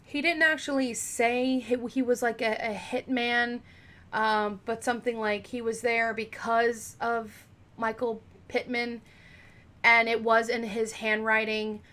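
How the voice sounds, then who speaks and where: A true crime channel host recounts a case in a loose, rambling style, filling it with fillers and side comments. Her fairly high voice barely moves in pitch, keeps a measured pace, and has a sharp tone that cracks slightly now and then.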